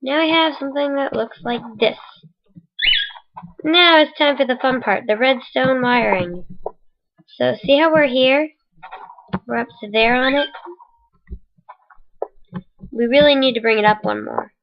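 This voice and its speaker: Woman narrating a game tutorial with the hiccups, voice pitched a bit high, rambling and self-correcting, dull lo-fi mic. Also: unhurried, pauses often. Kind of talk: casual voice-over tutorial.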